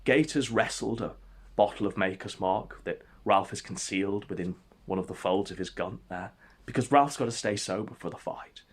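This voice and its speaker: A man telling an absurd comic story in a mock-epic, deadpan way. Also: lowish voice, normal speed, slightly rough. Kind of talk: comedic storytelling.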